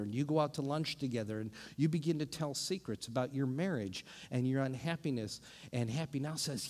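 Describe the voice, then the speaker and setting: A man preaching a sermon as pastor, animated and often restarting his sentences. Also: mid-range voice, moderate pace, big-room sound. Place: church sanctuary.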